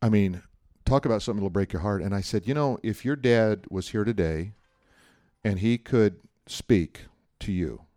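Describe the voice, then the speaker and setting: A middle-aged male pastor telling a personal story in a sermon, animated and joking, often checking in with the listeners. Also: on the low side, moderate pace, no room sound, clean studio sound. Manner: animated storytelling, jokey asides, frequent "right?".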